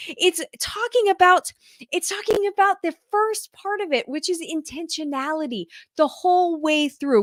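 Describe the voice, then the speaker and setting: A woman's voice: high voice, a bit bright, no room sound, clean studio sound. A woman parenting mentor chatting casually and enthusiastically to her viewers, laughing often. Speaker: mother. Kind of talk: casual live chat to viewers.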